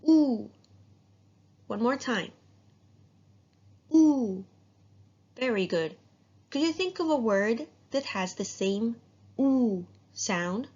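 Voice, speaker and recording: A woman teaching an English phonics lesson, modeling sounds slowly and praising students as they repeat. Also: fairly high pitch. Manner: slow, drawn-out, encouraging drill. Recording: dull lo-fi sound.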